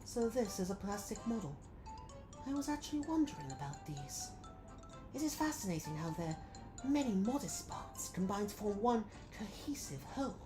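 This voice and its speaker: A woman reading aloud as a gentle, earnest female sculptor, formal and in a put-on British accent. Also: mid-range voice, very animated, normal speed, music in the background, lightly acted, poor audio. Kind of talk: reading game dialogue aloud.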